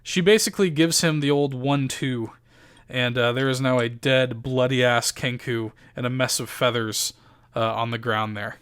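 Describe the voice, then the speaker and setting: A man's voice: mid-range voice, steady tone, moderate pace, fairly bright tone, clear, resonant tone. Chatty man running a tabletop game. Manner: loose and chatty, many fillers. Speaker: game master.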